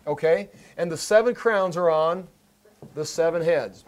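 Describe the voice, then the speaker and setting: A man's voice: on the high side, a little slow. A man teaching a Bible study sermon, emphatic, repeating key phrases and often restarting mid-sentence.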